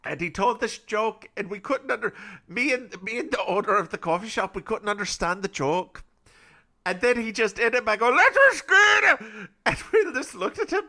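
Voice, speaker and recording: A man's voice: high voice, pushed and bright, voice pushed up, full character voice. A man doing a tipsy rambling Scotsman. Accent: put-on Scottish. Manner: rambling storyteller, calls listener ma'am. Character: tipsy chatty Scottish man telling a coffee shop yarn.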